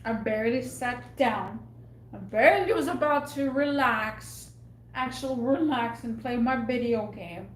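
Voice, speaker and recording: A woman's voice: fairly high pitch, measured pace. Exasperated young woman venting in an echoey room. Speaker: vlogger. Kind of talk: casual storytime rant.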